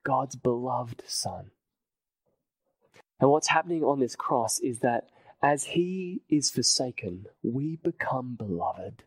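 A man preaching a sermon, earnest and emphatic, repeating phrases and dropping his voice to a hush at key points. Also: mid-range voice, lively intonation, unhurried, breathy edge, dry recording, poor audio.

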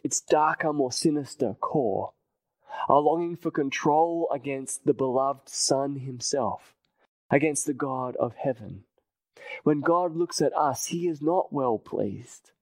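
A male preacher delivers a sermon at a slow, deliberate pace, leaning on repetition and sinking to a near-hush for emphasis. His voice sits at an ordinary middle pitch and is recorded dry and close, with no room sound. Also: no echo, low-quality recording.

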